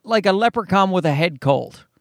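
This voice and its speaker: Alone on his own podcast, a thirtysomething comic delivers a casual, meandering monologue full of self-deprecation, profanity, and false starts. He speaks at normal speed in a high-pitched voice with lively intonation, and the close podcast mic gives clean studio sound with no echo.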